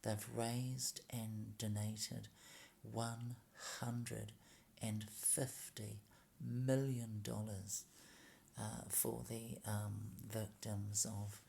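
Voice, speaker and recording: Slow gravelly man rambling sarcastically. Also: fairly low pitch, dark tone, slight background noise. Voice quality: halting, full of ums and mock slips.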